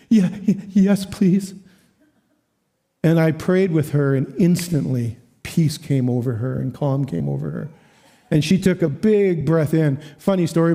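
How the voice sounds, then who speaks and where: A man preaching as a guest speaker at a church, telling a story with lively quoted voices and frequent laughs. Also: on the high side. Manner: animated, acts out quoted voices, laughs often. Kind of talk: storytelling sermon.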